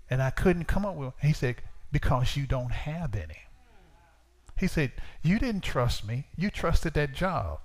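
A man's voice: a little high, big pitch swings, normal speed. A man preaching a sermon, telling a personal story in plain informal speech and acting out conversations with a lifted voice. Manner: storytelling, acts out dialogue in raised voice. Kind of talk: sermon testimony.

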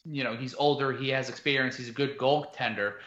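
A man's voice: mid-range voice, steady tone, brisk, a bit bright. A man co-hosting a casual sports podcast, rambling through his analysis with lots of fillers. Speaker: podcast co-host. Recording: roomy, dull lo-fi sound.

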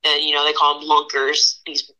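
A woman in her thirties from Pennsylvania, a guest artist telling stories in a casual interview, animated and laughing often, with lots of fillers. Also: low-pitched, moderate pace, rough recording. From Pennsylvania, USA.

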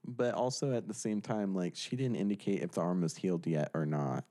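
Deep-voiced man asking teasing questions. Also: a little fast, mellow. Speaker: podcast co-host. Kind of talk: casual comedic chat.

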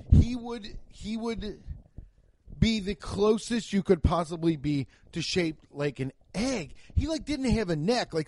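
A young man rambling through a casual, profane podcast monologue as a comedian, telling jokey stories with sudden jumps in pitch. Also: darkish tone, no echo.

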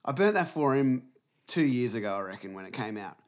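Animated young man telling stories. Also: medium pitch, brisk. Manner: animated storytelling, swearing, acting out his dad. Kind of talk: casual chat.

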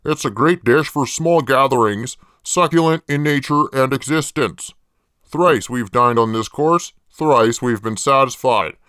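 A man playing a creepy jailed male killer in a comedy parody ad, rambling deadpan and swearing a lot. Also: mid-range voice, measured pace, clear, resonant tone, no room sound, studio quality, natural voice.

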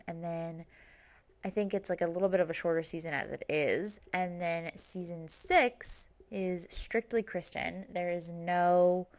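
A woman hosting a podcast, recapping a reality TV season in casual chat, full of "like" and "um". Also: lowish voice. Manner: chatty, fillers like "like" and "um". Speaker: podcast host.

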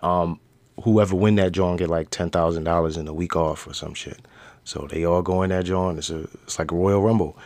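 A man with a low, deep voice retells a show's story on his podcast, using heavy slang and swearing. He acts out the characters as he goes. The sound is dry and close. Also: no room sound. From United States. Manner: animated storytelling with slang and profanity, acting out characters. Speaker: podcast host. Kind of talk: casual show recap.

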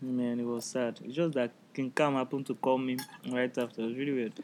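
Young woman, podcast co-host, blunt, foul-mouthed, animated storyteller. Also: extremely low pitch, a little fast, a little hiss or hum. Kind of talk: casual chat.

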